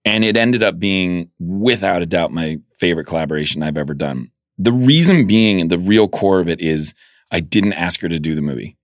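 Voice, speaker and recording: A man interviewed as a filmmaker, telling anecdotes with animated energy and acting out the voices of the people in them. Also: low-pitched, normal speed, dry recording, clean studio sound. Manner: animated storyteller, acts out quoted voices. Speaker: guest filmmaker. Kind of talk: casual interview storytelling.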